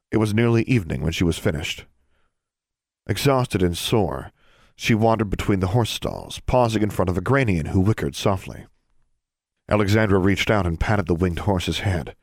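A man narrating a fantasy audiobook in a steady, even storytelling manner. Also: deep voice, no room sound, clean studio sound. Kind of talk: scripted narration.

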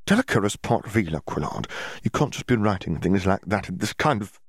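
A man's voice: lowish voice, big pitch swings, a little fast, no room sound, clean studio sound. A man doing a prying gossip reporter woman. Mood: scolding. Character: pushy gossiping woman journalist.

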